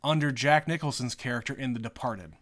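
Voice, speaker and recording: A man's voice: medium pitch, fairly quick, a bit bright. Rambling man co-hosting a movie podcast. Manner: rambling, repeats words, many fillers. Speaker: podcast co-host. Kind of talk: casual movie chat.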